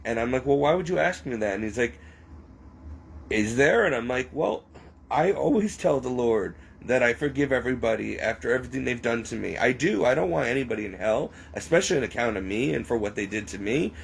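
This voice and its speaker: A man rambling through an emotional personal confession, halting and near tears as he speaks. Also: mid-range voice, animated, creaky, a little hiss or hum, rough recording.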